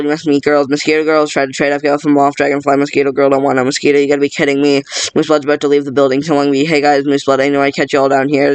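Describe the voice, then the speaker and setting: A man's voice: a little high, smooth, no echo. A man reading a whole film script aloud at speed, doing every part himself and stumbling over and restarting words as he goes. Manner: rattles through all the parts, stumbling and restarting words. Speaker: script reader. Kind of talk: rushed read-through of a film script.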